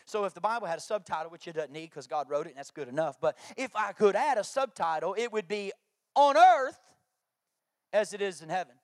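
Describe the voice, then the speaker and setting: A man's voice: high-pitched, expressive, fast talker, hardly any pauses, dry recording, studio quality. A man, preaching a sermon through jokey family stories and acted-out quotes. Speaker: pastor.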